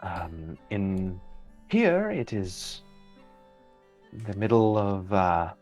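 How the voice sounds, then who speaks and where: A man voicing a calm, knowing female fey being in a tabletop game, speaking slowly and in a measured way. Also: low voice, faint music behind, full character voice.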